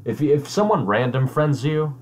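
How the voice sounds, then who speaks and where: A man's voice: mid-range voice, lively intonation, moderate pace, slight background noise. A man hosting a casual chat with a friend, chatty, reading out chat messages with mocking emphasis. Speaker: host.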